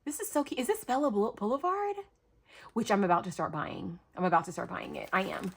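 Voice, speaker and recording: In an excited craft-mail unboxing vlog, a middle-aged woman talks fast in a husky, mid-range voice whose pitch swoops wildly. She gushes and exclaims throughout, addressing her audience as "you guys."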